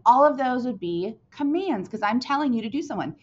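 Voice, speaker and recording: In a dull, lo-fi recording, a woman whose voice is on the high side teaches young children. Her sing-song delivery is lively and swoops up and down, with frequent pauses to ask "right?" or "okay?".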